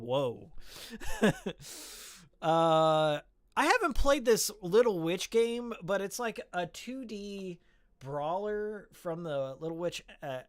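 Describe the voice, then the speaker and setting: A man's voice: a little high, a bit bright. A man streaming live and chatting casually about games with his viewers, rambling with many fillers, restarts and repeated words. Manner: chats with viewers reading the chat.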